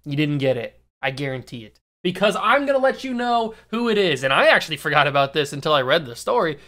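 A man in his early twenties, a YouTube host giving a casual sports commentary monologue, animated and teasing, slowing down to stress key words. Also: a little high. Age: early 20s.

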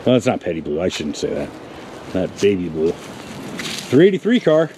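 A man's voice: low voice, huge pitch swings, normal speed, noisy background. A man presenting a casual outdoor walkaround of old cars, chatting to viewers and talking to the cars themselves. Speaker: car magazine presenter. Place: outdoors in a wooded salvage yard.

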